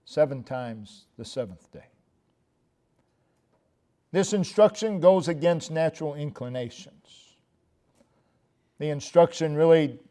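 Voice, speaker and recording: Slow, high-voiced emphatic male preacher. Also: mellow. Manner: emphatic, slow and deliberate preaching with rising, pleading outbursts. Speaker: pastor. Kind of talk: sermon. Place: church.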